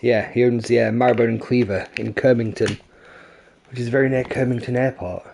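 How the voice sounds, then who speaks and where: A man's voice: medium pitch, little pitch movement, a little fast, creaky, darkish tone, a little hiss or hum. A young man with a mix of Lincolnshire and Yorkshire accent, chatting casually and swearing freely while streaming a game. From England. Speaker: gaming streamer. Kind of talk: casual gameplay chat.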